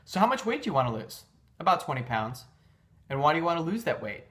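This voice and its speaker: A man reading out a male health coach's probing questions at a brisk pace, in his own voice. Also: a little high, big pitch swings, a bit bright.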